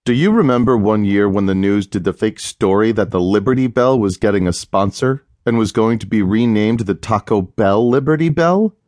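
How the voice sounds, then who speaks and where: A man's voice: lowish voice, moderate pace, few pauses, a little mellow, no room sound, close to an everyday voice. Man voicing a smug, easygoing husband. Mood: wry. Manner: dry, amused, matter-of-fact. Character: laid-back, teasing husband, unbothered and smug.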